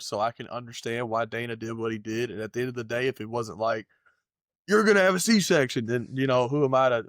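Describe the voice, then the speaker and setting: A man's voice: mid-range voice, no echo, clean studio sound. A man co-hosting a fight podcast in casual chat, loose and profane, rambling through his takes. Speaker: podcast co-host.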